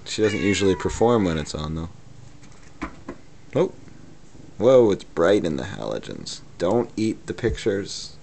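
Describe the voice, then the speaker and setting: Slow-talking man coaxing his cat. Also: sits low, big pitch swings, vocal fry, a little mellow, a little hiss or hum. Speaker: cat owner filming his pet. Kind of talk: casual home video talk to a pet. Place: home room. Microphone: handheld camera mic.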